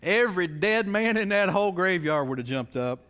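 A man's voice: high-pitched, expressive, moderate pace, fairly bright tone, smooth, voice pushed up. A man doing an emphatic old preacher.

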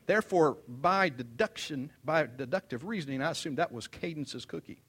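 An older man delivers a sermon with a slightly high-pitched voice. He tells stories in a chatty, animated way, rising to loud emphasis and dropping to quiet asides. His pitch moves freely through each phrase. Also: moderate pace, breathy edge. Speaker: pastor. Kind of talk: sermon with humorous storytelling.

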